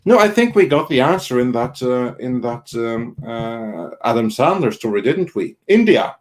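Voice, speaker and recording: Live-stream co-host, male, mid pitch, halting and filler-heavy, casual read-out of viewer messages. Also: animated. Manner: halting, many ums and restarts. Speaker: co-host of an online entertainment news show. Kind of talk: casual live-stream chat reading Super Chats.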